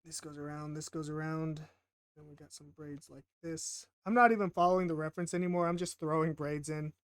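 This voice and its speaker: A man's voice: a little high, flat delivery, a little fast, smooth, no echo. A man casually narrating while he draws, rambling and self-deprecating, often stammering and repeating himself. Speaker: art vlogger.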